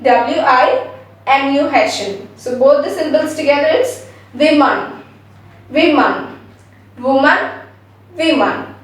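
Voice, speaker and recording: A high-voiced woman gives a spelled-out pronunciation lesson, repeating words slowly and often checking in with "okay?" She's recorded in a very echoey room with the mic far away.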